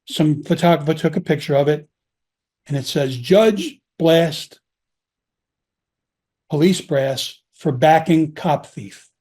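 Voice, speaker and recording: A middle-aged man, a former police officer, telling his own story in an interview in a blunt, heavily profane, animated way. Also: fairly high pitch, slow pace, pauses often. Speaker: podcast guest recounting his prison time.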